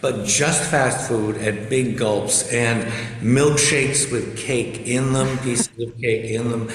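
A man's voice: mid-range voice, steady tone, slow pace. A man is a guest on a radio show over a video call, wry and articulate. His voice comes through with heavy echo and a long reverb tail from the room. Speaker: guest expert. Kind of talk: radio interview.

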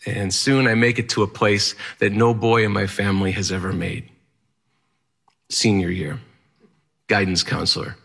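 Man telling his own story, kinda low voice but bright and punchy, earnest with a dry edge. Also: steady tone, normal speed, gravelly, pauses often, husky. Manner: earnest, plainspoken, wry. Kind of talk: first-person storytelling talk.

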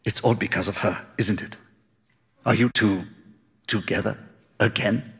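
Male reader doing a jealous woman on a phone call: low, hoarse, quiet, in a reverberant room. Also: steady tone, unhurried, heavily acted. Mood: accusing. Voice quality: hoarse, forced.

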